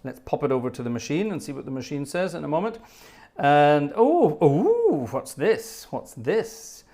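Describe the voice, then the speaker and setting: A man's voice: a little high, very animated, normal speed, mellow. A man in his fifties hosting a live stream as an organist, chatting casually and reading out viewer messages with wry, rambling asides. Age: 50s. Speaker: livestream host and organist.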